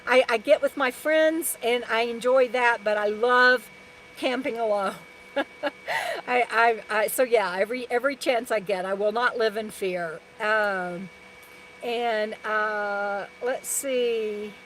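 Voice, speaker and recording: Woman, RV vlogger, light high voice, rambling live chat, faint noise behind. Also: takes it slowly, fairly bright tone, rough recording. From Texas. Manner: rambling and chatty, many restarts and fillers. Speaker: RV lifestyle vlogger. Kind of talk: live stream chat reading viewer comments.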